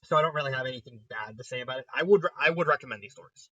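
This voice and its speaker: A man's voice: medium pitch, rapid-fire, sharp tone, dry recording, far from the mic, dull audio. A young man giving a casual spoken review, retelling it animatedly with frequent laughter and lots of "like". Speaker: fanfiction reviewer. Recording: dry sound, voice set back from mic.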